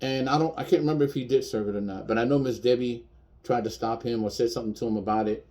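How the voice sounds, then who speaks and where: A man's voice: medium pitch, steady tone, quick pace, a little mellow. A man in his fifties, a chef, speaking bluntly and defiantly in a personal video rant, repeating his points for emphasis. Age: 50s.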